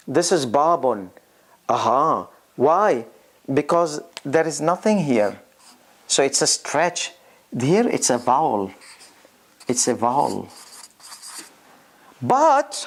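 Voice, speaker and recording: A teacher giving a step-by-step lesson on reading, sounding out syllables one by one and thinking aloud with pauses and restarts. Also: mid-range voice. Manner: drills syllables aloud, repeating each sound slowly.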